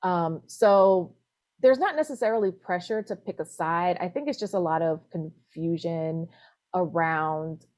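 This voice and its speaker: Thoughtful American woman reporter, low voice. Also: measured pace, darkish tone. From United States. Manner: thoughtful, reflective, many "you know" fillers. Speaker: newspaper reporter. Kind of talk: remote interview.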